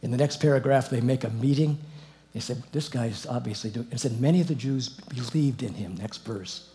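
This middle-aged man speaks at a normal speed in a medium-pitched voice while teaching the Bible informally. Animated and often chuckling, he reads a verse aloud and follows it with his own commentary.

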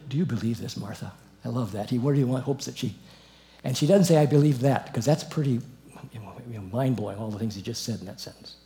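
A man's voice: mid-range voice, fast talker. A middle-aged man teaching the Bible informally, reading verses aloud, commenting on them and chuckling as he goes. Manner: animated, chuckling, reads verses then comments.

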